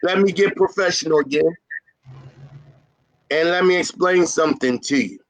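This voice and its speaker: A man with a high-pitched speaking voice gives business advice to carpet cleaners. He talks in a fired-up, emphatic way, repeats his key points and teases his audience. The sound is dry and close, with no room echo. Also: dull audio. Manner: emphatic, fired-up and repetitive, teasing his listeners. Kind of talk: informal motivational business talk.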